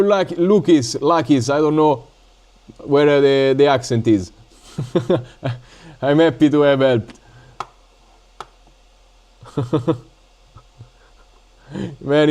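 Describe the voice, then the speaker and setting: A man from Italy with an Italian accent, chatting casually and haltingly on a live stream while building drones, with many fillers and stops. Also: fairly high pitch, a little mellow. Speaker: drone hobby livestreamer.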